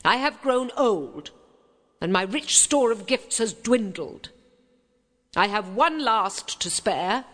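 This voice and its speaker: A woman voicing an ancient faded fairy, old and bitter, with a harsh croaking voice. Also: fairly high pitch, expressive, slow, fairly bright tone, pitched above the performer's own voice, exaggerated voice. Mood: stern. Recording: long reverb.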